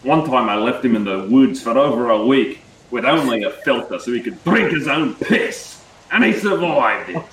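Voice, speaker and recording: A man's voice: mid-range voice, expressive, moderate pace, hardly any pauses, fairly bright tone, a little hiss or hum, lightly acted. An improv comedy performer playing a boastful male thief-guild leader and woodsman, smug and self-justifying, stumbling through restarts. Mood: proud. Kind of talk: improvised comedy role-play. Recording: roomy, distant room mic.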